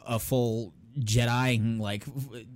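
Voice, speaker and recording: A young man co-hosting a podcast tells a story in casual chat. He's animated and laughing as he acts out what people said. His pitch is medium and his pace slow.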